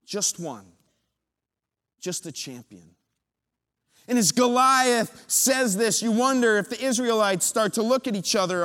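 A man preaching a sermon, retelling a story with dramatic build-up and pauses. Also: high voice, expressive, a bit bright, big-room sound.

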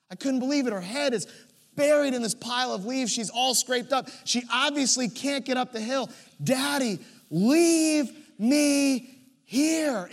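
A pastor in his thirties delivers a sermon with a notably high voice for a man. He tells stories at length, dropping to hushed, quiet phrases and then rising to emphatic, louder stretches as he drives each point home. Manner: storytelling, swings between soft and emphatic.

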